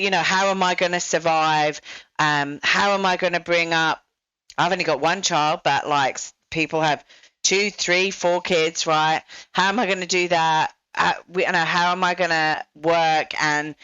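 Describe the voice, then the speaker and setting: A woman's voice: sits low, fairly bright tone, smooth, dry recording, muffled recording. Chatty woman podcast host. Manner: chatty, many fillers like "you know". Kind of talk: casual interview chat.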